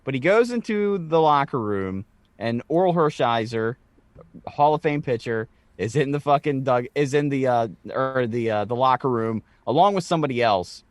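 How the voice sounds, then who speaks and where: A man's voice: mid-range voice, animated, normal speed, no room sound. A man co-hosting a podcast, telling a story in casual chat, swearing freely with stammered restarts. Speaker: podcast co-host.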